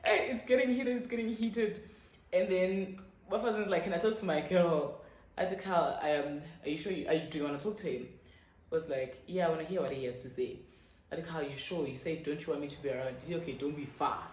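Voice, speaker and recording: A young South African woman telling a personal story in a casual, animated way, with frequent swearing and quick quoted lines. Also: low voice, echoey room, rough recording. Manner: animated, swearing, quoting others in quick bursts. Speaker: YouTuber.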